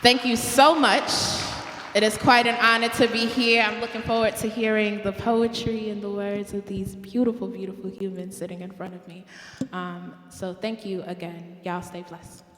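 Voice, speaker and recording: A woman's voice: medium pitch, level tone, moderate pace, a little hiss or hum. A woman leading a live audience in sung affirmations, coaxing them to join in call-and-response. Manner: warm encouraging, coaxing the crowd. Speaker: performer leading audience singing. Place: large library hall with audience. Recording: echoey hall, music behind.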